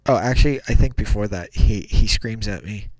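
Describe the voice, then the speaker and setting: A man's voice: fairly low pitch, moderate pace, no room sound. A man casually telling a childhood story, rambling and correcting himself as he goes. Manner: rambling, self-correcting, animated.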